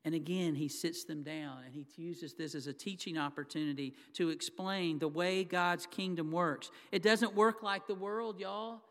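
A man's voice: fairly high pitch, steady tone, normal speed, few pauses, fairly bright tone. A man preaching a sermon as pastor, talking conversationally to the congregation and acting out the quoted lines. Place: church sanctuary. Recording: long hall reverb.

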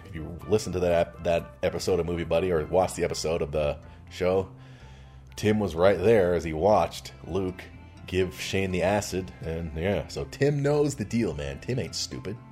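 A man's voice: medium pitch, darkish tone. A middle-aged man casually recapping a TV episode, chatty and laughing often, with asides, faint music behind. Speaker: podcast host recapping a TV show.

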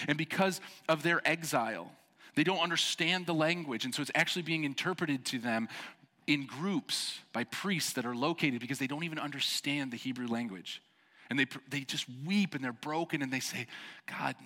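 A male pastor delivers a sermon in a church sanctuary, his voice bright and forward. He is animated and jokey, slipping into playful voices for the characters in his story. A long reverb from the hall trails each phrase. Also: mid-range voice. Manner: animated, jokey, acts out voices of the people he preaches about.

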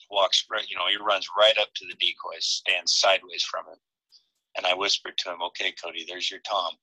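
A man with a low, deep voice tells a story as a podcast guest. His tone is very bright and forceful, and the sound is dry and close. He keeps it casual and animated and laughs often. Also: dry recording, low-quality recording.

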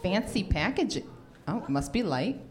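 A woman on a live stage, gushing and squealing with excitement. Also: medium pitch, normal speed, faint music behind. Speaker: podcast host. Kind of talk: live onstage reaction. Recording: noisy live recording.

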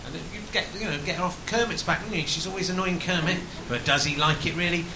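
A man's voice: a little high, quick pace. A man hosting a live comedy chat show on stage, joking with his guests and laughing often. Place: stage before a live audience. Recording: echoey venue with audience noise.

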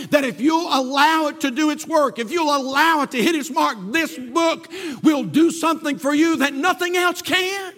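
A man preaching a fervent sermon as pastor, firing off rhetorical questions and quoting scripture quickly, in a large church sanctuary. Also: very high-pitched, a bit bright. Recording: long hall reverb.

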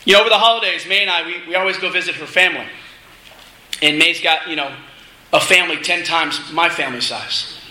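A middle-aged man preaching a sermon, telling a family story in a casual, animated way with laughing asides. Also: on the high side, fairly quick. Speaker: minister. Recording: echoey room with faint noise.

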